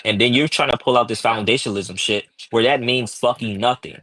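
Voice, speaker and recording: A man's voice: mid-range voice, brisk, hardly any pauses, bright, forceful tone, no room sound, poor audio. A man in a heated online debate, cursing constantly and tagging his points with "right?" and "okay?". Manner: profane, combative, repeats "right?" and "okay?".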